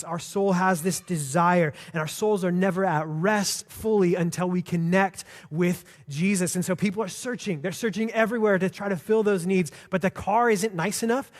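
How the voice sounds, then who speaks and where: A man preaching a sermon as pastor, in a conversational, earnest way with frequent restarts. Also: high voice. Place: church sanctuary. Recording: long hall reverb.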